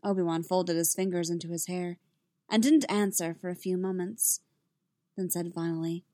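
A woman reading a story aloud in an even, unhurried narration. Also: fairly low pitch, no echo, studio quality. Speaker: reader. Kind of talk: reading fan fiction aloud.

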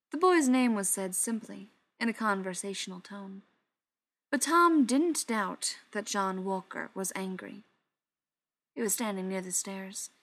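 Woman narrating a novel with hushed passages. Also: mid-range voice, creaky. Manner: steady, dramatic reading with soft, hushed passages. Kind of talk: audiobook narration.

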